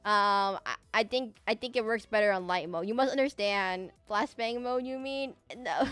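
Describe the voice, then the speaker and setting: A woman's voice: medium pitch, normal speed, fairly bright tone, clean tone, no room sound, soft background music. A woman VTuber streamer chatting casually with her viewers, rambling and repeating herself. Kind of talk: casual live-stream chat.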